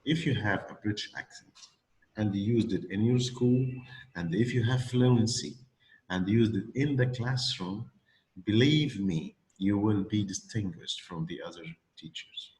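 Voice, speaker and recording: A man's voice: fairly low pitch, a little slow, darkish tone, poor audio. A man teaching English pronunciation, patiently modelling phrases for a student. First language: Arabic. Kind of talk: classroom lesson with a student.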